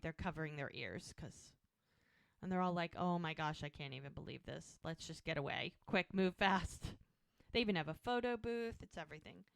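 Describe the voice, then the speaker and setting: Smooth-voiced woman recapping a show. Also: no echo, studio quality. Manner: animated recapping, acting out lines with quick shifts in pitch. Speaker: podcast co-host. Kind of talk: casual rewatch recap.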